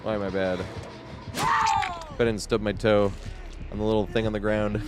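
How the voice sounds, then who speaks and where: A man's voice: on the low side, level tone, moderate pace, over loud music. A man streaming a game, chatting casually and telling stories with lots of laughter and swearing. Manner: laughs often, swears freely, tells stories animatedly. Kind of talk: casual live gameplay commentary.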